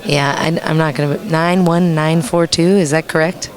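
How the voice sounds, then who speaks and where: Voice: medium pitch, steady tone, moderate pace. A commentator calling a pool match on a live stream, chatty and jokey, laughing easily. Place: pool hall. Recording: pool hall crowd audible behind.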